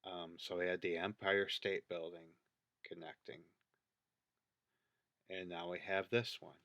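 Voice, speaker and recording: A man with a very low voice but a bright, forceful edge talks casually over video clips. He thinks aloud, counts things out and points at details as he goes, close and dry. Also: little pitch movement, unhurried, gravelly, no echo. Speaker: video creator.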